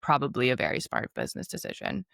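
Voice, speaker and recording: A young adult woman co-hosting a podcast in a casual, upbeat chat, quick with asides. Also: very deep voice, wildly swooping pitch, creaky, a bit bright, no room sound, clean studio sound. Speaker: podcast co-host.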